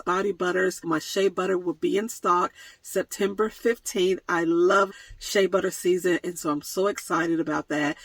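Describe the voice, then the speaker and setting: A woman's voice: fairly low pitch, creaky, breathy edge, dry recording, poor audio. A woman vlogger answering viewer questions in a casual chat, playful and laughing often, with mock-dramatic jokes, filmed on a phone camera. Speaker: van life vlogger. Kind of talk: casual Q&A vlog.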